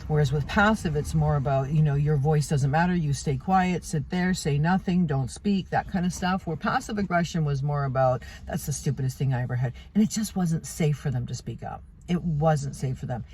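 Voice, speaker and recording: Husky-voiced woman giving a casual talk. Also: low voice, a little mellow. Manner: conversational, many fillers and restarts, emphatic repetition. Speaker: self-development speaker.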